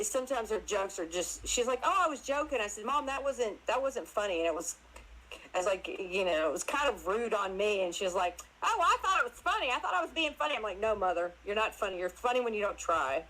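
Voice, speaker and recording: A woman guest telling casual stories in an animated way, laughing often and acting out other people's voices. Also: mid-range voice, normal speed, poor audio. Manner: animated, laughs often, acts out her mother's voice. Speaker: interview guest. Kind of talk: casual storytelling chat.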